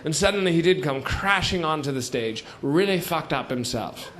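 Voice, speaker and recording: A man's voice: on the high side, animated, normal speed, a bit bright. A man on a theater stage performing a comic monologue as a rambling old British chap, padding every line with "you see" and "sort of". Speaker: stand-up comedian performing a character monologue. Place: theater stage before a live audience. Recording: noisy live theater recording.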